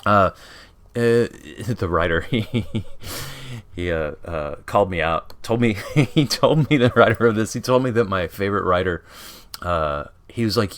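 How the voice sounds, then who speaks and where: A man's voice: fairly low pitch, unhurried, fairly bright tone. A man reviewing comic books in a casual vlog, rambling with lots of "you know" fillers and frequent chuckles. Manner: chuckles often while talking.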